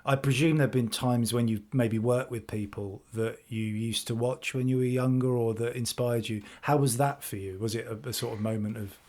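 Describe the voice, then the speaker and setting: A man co-hosting a podcast over a video call, chatting in a relaxed, rambling way with many fillers. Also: medium pitch, normal speed, hardly any pauses. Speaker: podcast co-host. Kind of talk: casual chat.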